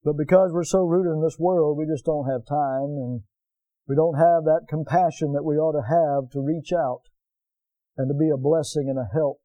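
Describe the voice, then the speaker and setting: A man's voice: fairly high pitch, fairly even intonation, normal speed, warm tone, dry recording, low-quality recording. A man preaching a sermon earnestly, asking his listeners for responses and ending in prayer. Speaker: pastor.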